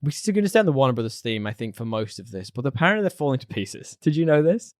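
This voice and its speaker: A man co-hosting a podcast in casual chat, animated and laughing often. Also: mid-range voice, fast talker, dry recording, studio quality. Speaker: podcast co-host.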